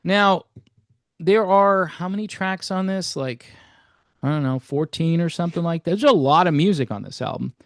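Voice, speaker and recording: A man's voice: a little high, expressive, normal speed, no echo. Folksy, rambling man host, tight dry sound. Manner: self-deprecating, rambling, folksy. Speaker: album reviewer, channel host. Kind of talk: casual spoken review.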